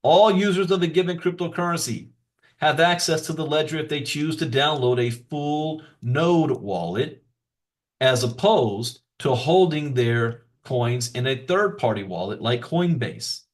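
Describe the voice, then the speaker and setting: A man's voice: on the high side, animated, unhurried. A man presenting a beginner's crypto lesson, reading from notes with casual asides and emphatic repetition. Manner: explanatory, emphatic repetition for stress.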